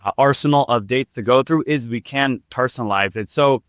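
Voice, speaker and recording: A man's voice: medium pitch, brisk, a bit bright, smooth, no room sound, studio quality. A man guest on a podcast, eagerly explaining his couples' dating program with everyday examples. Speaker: guest, couples' date coach. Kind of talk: explaining in an interview.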